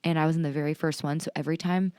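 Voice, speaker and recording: A woman in her thirties co-hosting a podcast, telling a story in animated, casual chat and acting out quotes. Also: sits low, very fast, clear, resonant tone, no room sound, clean studio sound. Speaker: podcast co-host.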